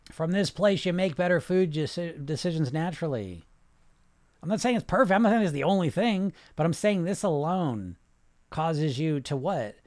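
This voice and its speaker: A man coaching on weight loss in a casual live chat. He talks in a rambling, animated way with many restarts and "right?", then slows into calm relaxation cues. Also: on the high side, no echo, clean studio sound.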